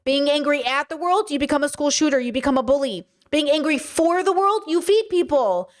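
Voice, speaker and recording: A woman's voice: high voice, animated, a little fast. A woman giving reaction commentary, chatty and direct as she lectures her viewers. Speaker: commentary vlogger.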